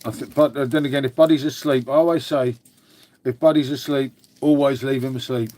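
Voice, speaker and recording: A man's voice: mid-range voice, fairly even intonation, fairly quick, a little mellow, slight background noise. An English man hosting a casual live stream from home, rambling chattily, swearing now and then and answering his chat. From England.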